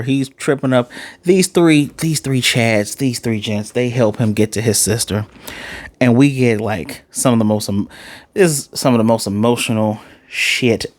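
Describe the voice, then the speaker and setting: A man giving a casual, animated recap and reaction to an anime episode, acting out the characters' lines in quick asides. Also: mid-range voice, dry recording. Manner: loose and chatty, with fillers and self-corrections. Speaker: anime reviewer.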